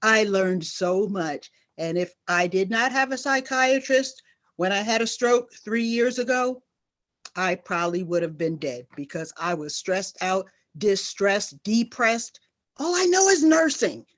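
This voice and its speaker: A middle-aged nurse, speaking as a guest on a panel, gives earnest, emphatic personal testimony and repeats key phrases for weight. Her voice is mid-range, animated, and a little slow.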